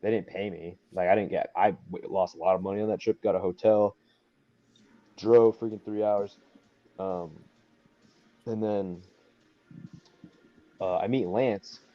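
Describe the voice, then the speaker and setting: A man's voice: on the low side, steady tone, a little slow, long pauses, no echo. Rambling young man, lo-fi podcast sound. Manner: rambling, many fillers, acts out quotes. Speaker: wrestler guest. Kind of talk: casual storytelling. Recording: dull lo-fi sound.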